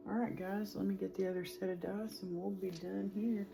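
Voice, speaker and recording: A woman's voice: medium pitch, level tone, moderate pace, gravelly, loud music behind the voice. A woman in her forties giving a casual, chatty tarot reading, rambling with lots of fillers. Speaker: tarot reader.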